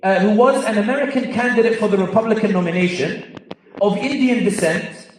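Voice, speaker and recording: A man from London with a London accent, telling funny stories as a speaker to a live audience, with quick asides. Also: high voice, a little hiss or hum. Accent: London English. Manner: humorous storyteller, quick asides. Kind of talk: storytelling talk to a live audience. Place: large convention hall. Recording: echoey hall, mic at a distance.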